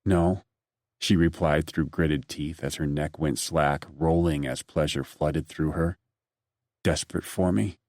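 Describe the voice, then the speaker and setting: Very deep male audiobook narrator. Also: flat delivery, unhurried, few pauses, a little mellow, no echo, clean studio sound. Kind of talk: first-person audiobook narration.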